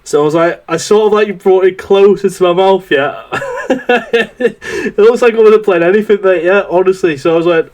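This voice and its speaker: A man's voice: high voice, normal speed, darkish tone. A young man on a podcast, telling a rambling, swear-filled story in casual chat. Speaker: podcast host.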